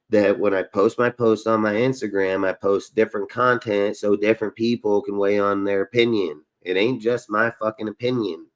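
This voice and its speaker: A man hosting a live fan stream, ranting bluntly and swearing often, repeating his points with heated conviction. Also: on the low side. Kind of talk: profane casual live-stream rant.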